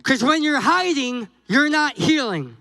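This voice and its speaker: Guest pastor, male, very high voice, slow deliberate delivery, jokey storyteller who voices the characters in his sermon. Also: vocal fry, dry recording, poor audio. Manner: animated, jokey, acts out dialogue with God and Moses.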